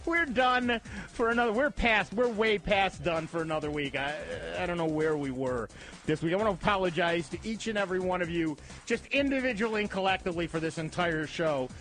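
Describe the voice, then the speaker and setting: A man's voice: high-pitched, animated, brisk, a bit bright, soft background music. Rambling self-mocking radio host, man. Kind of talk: casual radio chat. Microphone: studio microphone.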